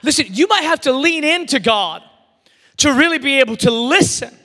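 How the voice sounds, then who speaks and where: High, bright-voiced preacher in an echoing hall. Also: male voice, normal speed. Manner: animated preaching, swinging from shouts to near-whispers. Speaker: pastor. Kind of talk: sermon. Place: church service. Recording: long reverb of a large hall.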